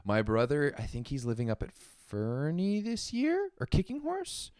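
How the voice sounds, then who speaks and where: A young man hosting a podcast, chatting in a rambling, animated way with many fillers. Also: on the high side, normal speed, smooth, dry recording, studio quality. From Canada. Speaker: podcast host. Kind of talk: casual podcast chat.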